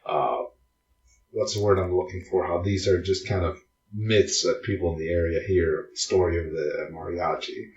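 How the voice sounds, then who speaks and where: A man co-hosting a casual film podcast, often pausing and searching for his words. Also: sits low, fairly even intonation. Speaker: podcast co-host. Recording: roomy, dull lo-fi sound.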